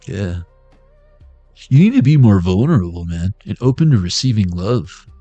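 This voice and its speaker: Dude doing a loose jokey tarot stream, cussing, rambling, dry sound, bit of music in the back. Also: male voice, on the low side, big pitch swings, moderate pace, mellow, dry recording, lo-fi sound. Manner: joking, rambling, swears freely. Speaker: tarot reader. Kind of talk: casual livestream tarot reading.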